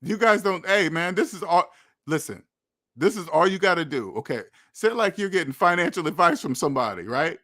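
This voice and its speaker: A man's voice: fairly high pitch, expressive, fairly quick, bright, forceful tone. A young adult man hosting a personal finance channel, lecturing his viewers bluntly and repetitively in a preachy, scolding manner.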